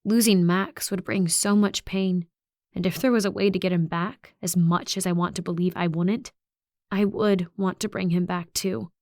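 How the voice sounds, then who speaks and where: A woman narrating a young adult horror audiobook in the first person, with an even, reflective delivery. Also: on the low side, dry recording, clean studio sound.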